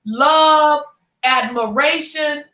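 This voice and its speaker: A woman co-hosts a casual talk, speaking in a frank, emphatic way and joking as she goes. Her voice is high and bright, picked up from some distance in an echoey room. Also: very slow. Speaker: co-host. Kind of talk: casual chat.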